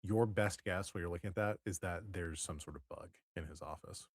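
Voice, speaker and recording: A man narrating as game master of a tabletop role-playing game, halting with many fillers and restarts. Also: low-pitched, no room sound, clean studio sound.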